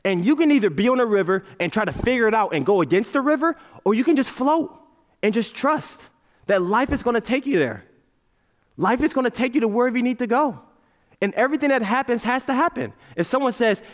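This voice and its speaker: A man giving a playful, animated motivational talk on a large auditorium stage, leading the crowd in chants. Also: extremely high pitch, fairly quick. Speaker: motivational speaker. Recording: reverberant hall.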